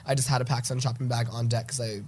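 A man's voice: mid-range voice, little pitch movement, fast talker, a little mellow, slight background noise. Young male co-host, stuffy nose, casual storyteller, swears freely. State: congested. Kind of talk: casual chat.

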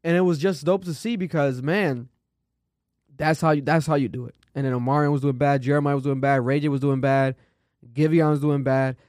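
A man co-hosting a casual show, swearing freely and mocking performances in animated commentary. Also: fairly high pitch, fairly quick, no room sound, clean studio sound. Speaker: co-host.

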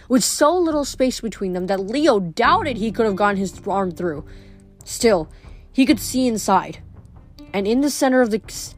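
Woman narrator, audiobook reading, mid pitch, faint music bed. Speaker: audiobook reader. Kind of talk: reading a novel aloud.

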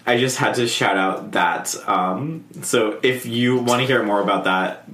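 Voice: mid-range voice, a little slow, fairly bright tone. Rambling co-host in an echoey room. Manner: rambling, hesitant, many ums, laughs mid-sentence. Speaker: podcast co-host. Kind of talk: casual podcast chat.

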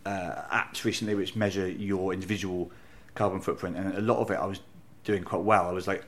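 A man's voice: sits low, level tone, brisk. An English man from Bristol, a comedian, chatting in an interview in a bar, self-deprecating and storytelling. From England, Bristol. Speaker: comedian and novelist, interview guest. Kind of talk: casual interview chat.

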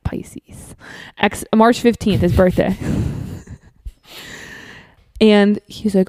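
A young woman tells a wild personal story on a podcast, swearing freely and jumping into quoted lines. Her voice sits at an ordinary pitch for a woman. The sound is dry and close to the mic. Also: dry recording. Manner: profane, animated, rapid storytelling with quoted asides. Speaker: podcast guest. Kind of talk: casual storytelling.

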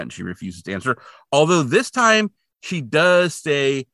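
A man's voice: mid-range voice, normal speed, no echo, studio quality. A man co-hosting a podcast, chatting casually and sarcastically while recapping an episode and acting out the characters' lines. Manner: animated, sarcastic, acts out quotes. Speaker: podcast co-host.

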